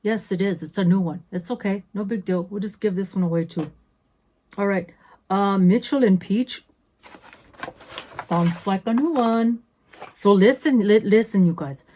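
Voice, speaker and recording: A woman's voice: mid-range voice, a little slow, pauses often, dark tone. A woman in her fifties chatting casually as a beauty vlogger through an unboxing, sassy and full of self-interrupting asides. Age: 50s.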